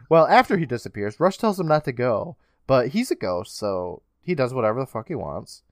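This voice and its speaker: A man's voice: medium pitch, very animated, moderate pace, no echo, studio quality. A man co-hosting a podcast, casually recapping a TV episode with sarcastic asides and the odd swear. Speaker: podcast co-host.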